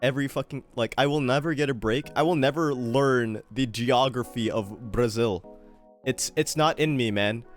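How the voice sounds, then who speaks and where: In a medium-pitched voice at normal speed, a man streams a guessing game with soft music playing in the background. His casual live-stream commentary is animated and self-mocking, full of free swearing.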